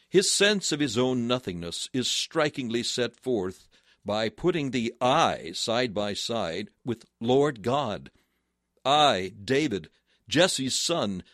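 A man's voice: medium pitch, expressive, measured pace, a bit bright, dry recording, clean studio sound. A man preaching a sermon in a solemn voice that rises to fervent exclamations. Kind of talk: sermon reading.

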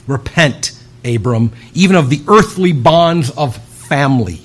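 Guy preaching a sermon, slow and drawn out, kinda breathy, pitch all over the place, gets real quiet sometimes. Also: expressive. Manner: emphatic, with long dramatic pauses and sudden hushed drops.

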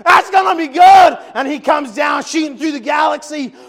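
Fiery male preacher, high rough voice, repeats refrains and shouts them out. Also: moderate pace, some chatter behind. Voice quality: gravelly, high-pitched voice. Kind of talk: shouted revival sermon.

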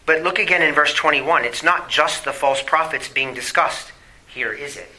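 A man preaching a sermon in a bright, sharp, somewhat high voice. He presses his points with rhetorical questions and reads scripture with emphasis, then drops into quieter asides. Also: moderate pace, rough recording. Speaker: pastor.

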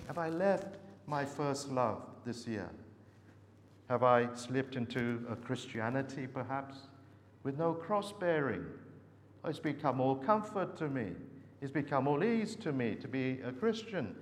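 A man preaching a sermon, earnestly asking searching questions and often pausing with hesitations. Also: medium pitch, lively intonation. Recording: long reverb with faint background noise.

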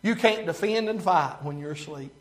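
A man preaching a sermon, rising to loud, emphatic peaks and dropping to hushed, low passages. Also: animated, normal speed.

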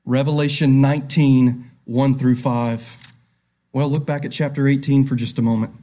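A man preaching a sermon as pastor, reading scripture aloud and asking his listeners direct questions, swinging between loud emphasis and hushed tones. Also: medium pitch, little pitch movement, moderate pace.

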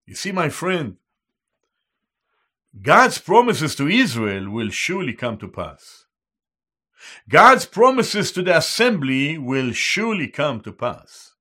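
A man preaching a sermon as a Bible teacher, slow and emphatic, repeating each key term in Hebrew and English. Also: fairly high pitch, sing-song, sharp tone.

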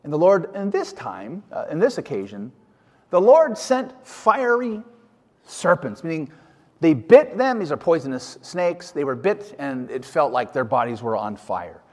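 A man's voice: fairly high pitch, big pitch swings, measured pace. A man preaching a sermon, emphatic, often putting questions to his listeners. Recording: hall reverb.

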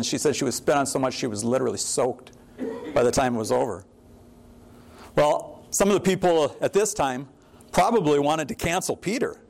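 A pastor preaching a sermon, reading scripture verses and explaining them in a plain, conversational way. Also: male voice, high-pitched.

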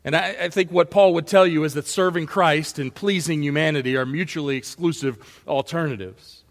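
Earnest preacher in a reverberant church. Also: male voice, a little high, fairly even intonation, fairly quick. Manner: earnest, builds to emphatic rhetorical questions. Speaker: pastor. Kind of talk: expository sermon. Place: church sanctuary. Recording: long hall reverb.

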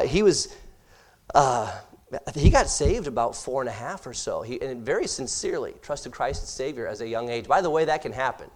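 A middle-aged man preaching a sermon to his congregation, moving between hushed, low passages and loud, emphatic ones. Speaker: pastor. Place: church hall with congregation.

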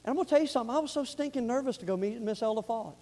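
A pastor with a Southern accent preaching a sermon, emphatic, moving between loud urgent appeals and quiet earnest asides. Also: male voice, very high-pitched, racing.

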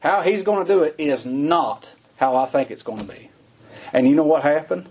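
A man preaching a sermon in a folksy way, laughing between points and climbing high in pitch when he stresses something. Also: normal speed, a little mellow, breathy edge.

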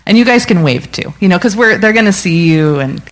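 A woman speaking as a missionary guest to a church congregation on a handheld mic in a church hall, encouraging and quick to laugh. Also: medium pitch, animated, a little hiss or hum. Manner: slows down to teach pronunciation.

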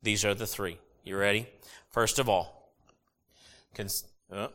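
Animated preacher man with a bright voice. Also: lowish voice, slow, long pauses. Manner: animated, jokey, sudden loud bursts. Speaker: pastor. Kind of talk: sermon.

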